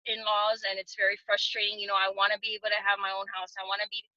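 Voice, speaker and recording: Talking fast in a pushed, bright mid-range voice with little pitch movement, a woman in her thirties from Hawaii recounts her story on a video call. She's an earnest testimonial guest who keeps restarting and adding fillers, and the dry recording sounds dull and lo-fi.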